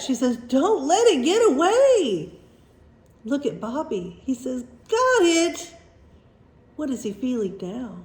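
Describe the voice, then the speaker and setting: Gentle woman story reader for children; mellow, animated, unhurried. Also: a little high. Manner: gentle, questioning, engaging. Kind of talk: reading aloud to children, asking questions. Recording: roomy echo.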